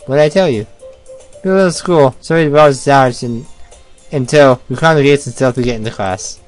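A man's voice: mid-range voice, brisk, faint music behind. A man playing a visual novel on video, reading its narration and dialogue aloud and breaking off to react and joke. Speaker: let's play gamer.

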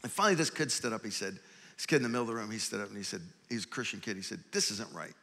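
A man's voice: fairly low pitch, expressive, rapid-fire, sharp tone. A man, a pastor, moderating a church conference panel and speaking earnestly to the audience. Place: large church hall. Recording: long hall reverb.

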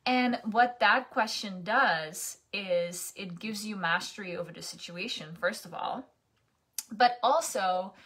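A woman's voice: mid-range voice, a bit bright, breathy edge. A young adult woman coaching in a casual, chatty monologue, often restarting and asking "right?".

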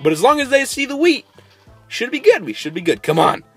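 A man giving casual let's-play commentary, coaxing animals and bursting into sudden excited squeals. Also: extremely high pitch, fairly quick, breathy edge, no room sound, faint music behind. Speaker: gameplay host.

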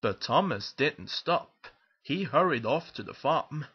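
A man narrating a children's picture book aloud in a lively, expressive storytelling manner. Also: medium pitch, slow, breathy edge, muffled recording.

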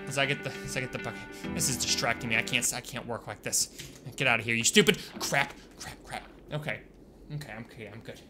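An excitable gaming YouTuber with a very bright, sharp voice, chatting through his playthrough. He swings between low mutters and sudden loud outbursts. Soft music plays in the background. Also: fast talker. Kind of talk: casual let's-play commentary.

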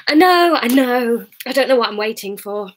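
A woman's voice: on the high side, animated, moderate pace, pitched above the performer's own voice, natural voice. A woman reading the lines of an anxious young woman weighed down by guilt. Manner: tense, anxious.

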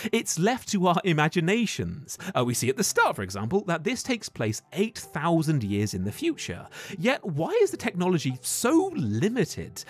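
A man narrating a video essay in an animated, conversational way. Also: a little high.

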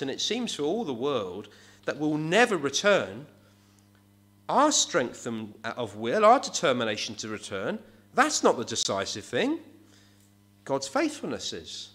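A man delivers an earnest sermon. His pitch rises and falls a great deal as he leans on his rhetorical questions. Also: fairly bright tone. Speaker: preacher.

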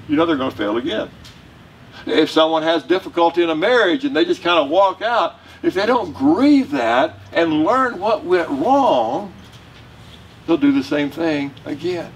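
A male pastor with a Southern US accent preaching a sermon in a conversational, joking way to his congregation. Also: fairly high pitch. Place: church sanctuary. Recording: distant mic with faint room noise.

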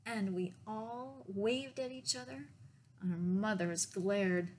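Woman librarian, storytime read-aloud, slow and gentle, faint hiss behind. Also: medium pitch. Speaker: children's librarian. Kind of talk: picture book read-aloud.

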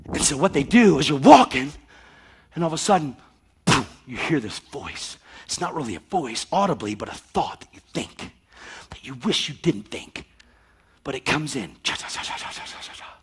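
A man's voice: medium pitch, big pitch swings, moderate pace, husky. A man preaching an emphatic, intense sermon, acting out scenes with sound effects. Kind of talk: charismatic sermon.

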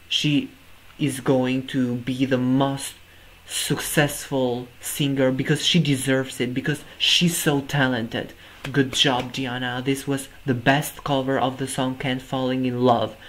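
Poor audio captures a man's medium, slightly bright voice as he reacts to a music performance. He's effusive and keeps blurting out "oh my god" in astonishment while he comments.

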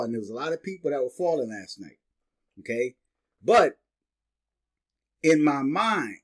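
A middle-aged man with a slight lisp, talking casually straight to his viewers and checking in with "right?" and "okay?". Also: medium pitch. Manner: chatty, repeats "right?" and "okay?". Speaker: vlogger. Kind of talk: casual monologue to camera.

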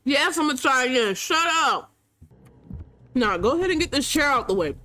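A woman gamer doing let's-play commentary at a desk mic, excitable, yelling commands at the game and bantering in casual slang. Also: sits high, normal speed, no room sound.

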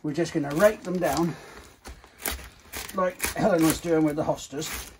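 A man's voice: fairly high pitch, a little slow. Blunt man with a noisy outdoor sound. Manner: blunt, swears freely. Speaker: nursery owner. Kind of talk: casual chat. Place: outdoors at a hillside nursery.

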